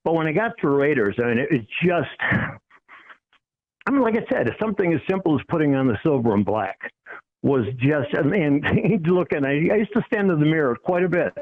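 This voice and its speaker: A man from Cleveland, a former football player, telling stories as a podcast guest with chuckles, self-deprecating jokes and halting restarts. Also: fairly high pitch, lively intonation, phone-quality sound. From Cleveland, USA. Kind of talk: casual storytelling on a sports podcast.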